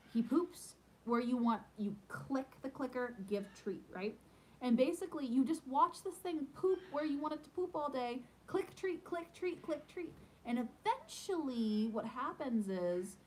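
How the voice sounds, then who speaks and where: A woman with a fairly high voice talks casually to her viewers. She rambles along with frequent ums. She grows animated and playful as she tells her stories. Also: moderate pace, rough recording. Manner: animated and playful when telling pet stories. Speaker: homestead vlogger answering viewer questions. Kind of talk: casual chat.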